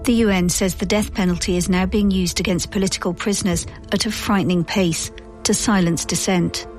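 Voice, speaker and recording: A woman reporter giving scripted news narration in a measured, grave way. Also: medium pitch, steady tone, soft background music.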